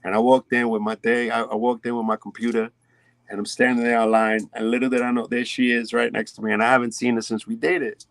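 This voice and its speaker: A man from Spanish Harlem, a podcast guest telling stories in a rambling, animated way with many restarts. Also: medium pitch, fast, vocal fry, no echo. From Spanish Harlem, New York. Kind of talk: casual podcast chat. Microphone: remote call.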